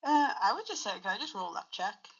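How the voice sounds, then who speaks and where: A woman's voice: medium pitch, big pitch swings, a little fast, gravelly, crowd noise. A woman playing a tabletop game, talking casually in a chatty, hesitant way with many fillers, heard on a dull, lo-fi recording. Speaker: player.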